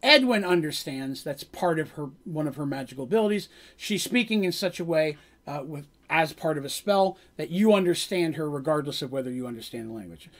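A man's voice: a little high, animated, fairly quick, fairly bright tone. A man as game master, casually recapping his tabletop game on a stream, rambling a bit and laughing as he goes.

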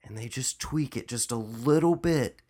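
A man co-hosting a podcast in a studio, chatting casually and excitedly, swearing and saying dude a lot. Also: mid-range voice, normal speed. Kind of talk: casual chat.

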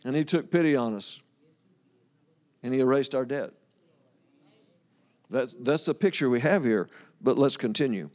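His voice is a little mellow and mid-range, with lively intonation, a measured pace, and long pauses. The man delivers a relaxed, folksy sermon, reading scripture aloud and chatting about it with his flock; he addresses them directly, loses his place, and laughs.

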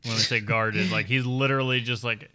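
Bright-voiced man chatting loosely. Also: mid-range voice, steady tone, brisk. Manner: rambling, joking, lots of fillers. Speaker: podcast co-host. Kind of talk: casual chat.

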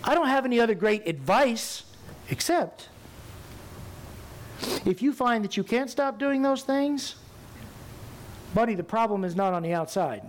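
A man preaching a sermon as pastor, animated and rising to loud emphatic bursts. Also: very high voice, measured pace, long pauses, a little hiss or hum.

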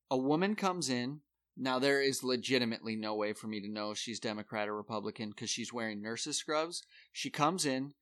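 Male podcast co-host, bright and forceful tone, animated storyteller. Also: mid-range voice. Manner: animated storyteller, acts out quoted people. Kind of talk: casual storytelling chat.

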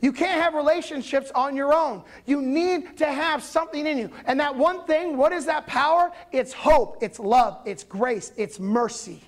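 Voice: high-pitched, normal speed, hardly any pauses. Conversational pastor telling a story. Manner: conversational, animated storytelling with audience check-ins. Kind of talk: sermon.

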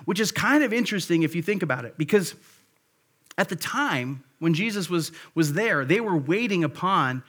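A man preaching in a fairly high, conversational voice. He retells scripture in everyday words and works through his points with stops and restarts before pressing them home with emphasis. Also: big pitch swings, moderate pace, fairly bright tone. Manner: frequent restarts and fillers, then builds to emphatic points. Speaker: pastor. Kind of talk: sermon.

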